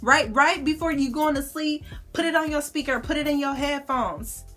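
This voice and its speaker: A woman's voice: sits high, moderate pace, fairly bright tone, faint music behind. A young woman vlogger, talking casually and bluntly to camera, slangy and cussing freely. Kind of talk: casual motivational talk to camera.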